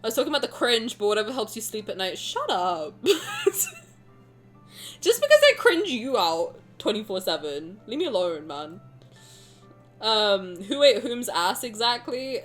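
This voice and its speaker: A woman streamer chatting casually with her viewers, animated, joking and making fun of herself. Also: mid-range voice, unhurried, faint music behind. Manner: animated, joking and self-mocking.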